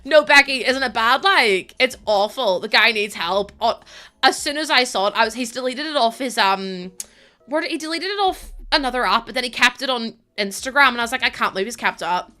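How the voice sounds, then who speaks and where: A woman's voice: fairly high pitch, expressive, brisk, sharp tone, faint music behind. A young woman streaming a game, chatting casually with her chat, thanking viewers and laughing often.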